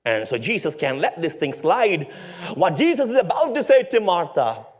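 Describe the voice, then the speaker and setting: A man's voice: a little high, very animated, normal speed. A male pastor preaching a sermon in a storytelling way, with rhetorical questions and playful asides to his congregation.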